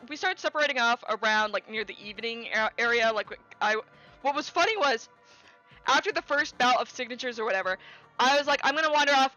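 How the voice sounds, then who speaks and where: A young woman chats on a stream, spinning a rambling anecdote full of fillers and repeated words. Her voice sits a little high and sounds bright and crisp. The audio is slightly dull, with faint music playing underneath. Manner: animated, rambling with many fillers and restarts, quoting people in raised voice. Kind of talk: casual chat, storytelling.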